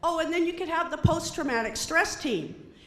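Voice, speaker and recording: Woman comedian, high lively voice, roomy echo with faint ambience, stand-up set. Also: normal speed. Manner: animated, acts out quoted voices. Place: comedy stage before an audience.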